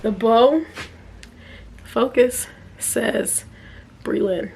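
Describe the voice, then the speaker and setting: Young woman, chatty unboxing review, slightly high voice, faint room noise. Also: drawn-out words, gravelly, a little mellow. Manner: chatty, talks to viewers as y'all, easy laughs. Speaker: vlogger reviewing products. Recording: echoey room, a bit far from the mic, faint noise.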